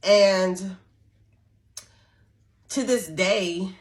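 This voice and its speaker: A woman's voice: medium pitch, drawn-out words. A middle-aged woman casually telling a personal story to camera, chatty and full of restarts. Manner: chatty, repetitive restarts, acts out quoted voices softly. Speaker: spiritual storyteller and channel host.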